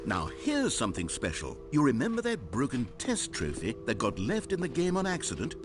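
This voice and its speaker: A man's voice: mid-range voice, huge pitch swings, a little fast, over music. A man voicing a wry adult male video game narrator who talks in a dry, mock-sincere, teasing way.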